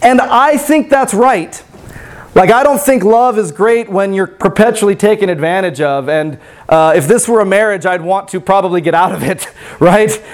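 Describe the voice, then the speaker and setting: High-voiced reflective male preacher. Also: moderate pace. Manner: conversational, reflective, with many fillers. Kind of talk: storybook reading and sermon reflection.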